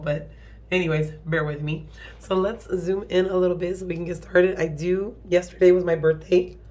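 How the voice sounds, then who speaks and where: A young woman with a cold, hoarse and a little nasal, chatting casually as she walks through her family budget, apologetic and rambling with fillers. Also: low-pitched. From American Midwest. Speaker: budgeting channel host.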